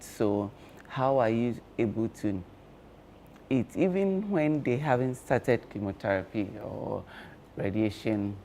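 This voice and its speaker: Male health guest, measured and unhurried, lots of "um"s, low voice. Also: warm tone, slight background noise. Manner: slow, measured explaining with frequent fillers. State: talking with cloves in his mouth. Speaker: health guest on a breakfast show. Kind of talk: explanatory studio talk.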